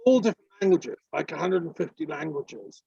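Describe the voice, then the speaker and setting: Gravelly man on a video call. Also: on the high side, a little fast, warm tone, no echo. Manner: rambling, earnest, with many ums. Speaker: peace activist on a video call. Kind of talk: casual discussion. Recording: dull lo-fi call audio.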